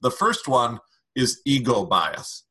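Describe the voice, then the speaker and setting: A man explaining communication strategy in an interview, calm and emphatic as he gives advice. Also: mid-range voice, takes it slowly, husky. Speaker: communication expert.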